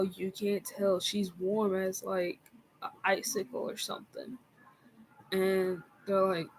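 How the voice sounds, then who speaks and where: A woman telling a personal story in a casual vlog, in a soft, halting way with frequent fillers. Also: mid-range voice, slight background noise, rough recording. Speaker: vlogger.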